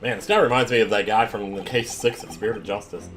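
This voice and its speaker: Young guy with a lowish voice joking through a game, faint music underneath. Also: fast, a bit bright. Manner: joking, offhand asides. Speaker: let's play commentator. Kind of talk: casual game commentary.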